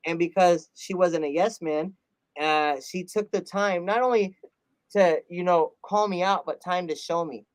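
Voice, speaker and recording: A man, a rap artist, telling a personal story in an earnest, animated way, often laughing and acting out quotes. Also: high-pitched, measured pace, no echo. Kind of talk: casual interview storytelling.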